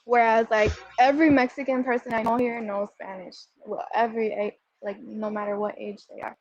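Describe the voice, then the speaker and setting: A woman's voice: a little high, flat delivery, moderate pace. A woman from Puerto Rico, a guest on an interview, talking casually and hesitantly with many fillers. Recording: dull, muffled sound.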